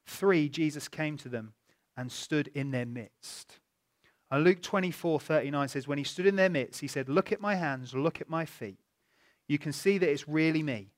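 Male preacher, fairly high pitch, conversational and animated, talks straight to the congregation. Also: moderate pace. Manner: animated, conversational storytelling with rhetorical questions. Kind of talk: sermon.

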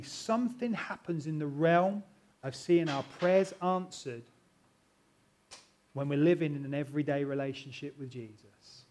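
A middle-aged man preaching a sermon as pastor, earnest and animated, swinging between loud and soft. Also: on the high side, moderate pace.

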